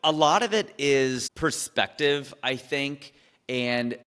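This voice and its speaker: A man, a comedian, chats in a casual interview, animated and full of quick asides. His voice is bright and forceful. It carries a long reverb, as in a large space. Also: mid-range voice, clean tone.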